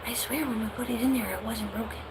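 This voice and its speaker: A woman voicing a worried parent who speaks to a spouse in a hushed, hurried voice. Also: on the high side, gravelly, noisy background. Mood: hushed worry.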